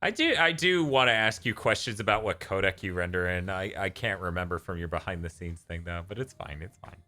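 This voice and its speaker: A man's voice: low-pitched, fairly quick, pushed and bright. A young man co-hosting a game stream, chatting in a laid-back, teasing, rambling way. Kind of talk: casual chat.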